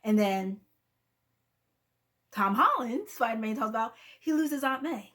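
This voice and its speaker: A woman chatting casually through a film review. She acts out the characters' lines and sometimes drops into soft, near-whispered asides. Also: on the high side, animated, measured pace.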